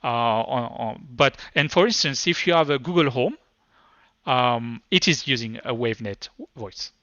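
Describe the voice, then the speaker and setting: A man's voice: mid-range voice, a little slow, sharp tone, no echo, dull audio. A man with a thick French accent, his first language French, giving a live technical presentation in a hesitant, stop-start way. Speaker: tech conference speaker.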